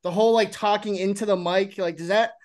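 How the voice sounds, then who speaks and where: A man with a high voice hosting a sports podcast. He rambles with plenty of restarts and swears freely, getting loud and excited in casual banter with his co-hosts. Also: brisk. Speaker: podcast host.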